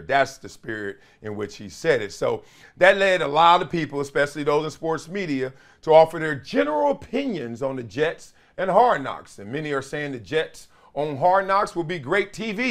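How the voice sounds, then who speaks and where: A middle-aged man hosting an animated sports talk show, playful, with quick asides and impressions. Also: fairly high pitch. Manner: lively, playful, drops into quick impressions and chants. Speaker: host.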